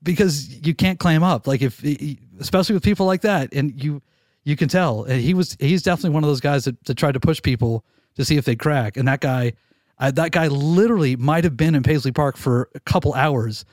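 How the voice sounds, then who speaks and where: Male studio engineer guest, candid and profane, lively storyteller, close and dry. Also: fairly high pitch, brisk, no echo. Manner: animated, candid storyteller who swears casually and restarts sentences. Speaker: recording engineer, podcast guest. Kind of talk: casual storytelling interview.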